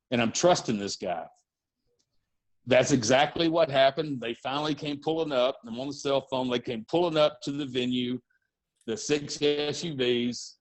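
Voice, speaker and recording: A middle-aged man, a music and wrestling promoter, telling anecdotes in a casual podcast interview, lively and full of fillers. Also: medium pitch, moderate pace. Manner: animated anecdote-telling with fillers and acted-out quotes.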